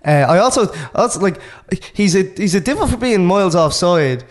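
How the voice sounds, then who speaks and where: A man on a football podcast, excitable and rambling, often restarting his sentences. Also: sits high, a little fast. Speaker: podcast panelist. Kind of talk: casual football podcast chat.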